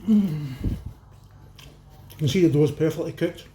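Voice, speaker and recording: A man's voice: on the high side, measured pace, warm tone, reverberant, slight background noise. Chatty Scottish man tasting his cooking. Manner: chatty, addresses viewers as folks, eats while talking. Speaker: cooking channel host. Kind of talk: casual cooking vlog, tasting food.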